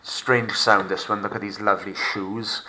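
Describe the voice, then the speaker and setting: A man with a Welsh accent teaching a recorded lockdown French lesson over slides. He is upbeat and playful, and slows right down to model French words for students to repeat. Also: lowish voice, flat delivery, sharp tone, low-quality recording. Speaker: secondary school French teacher.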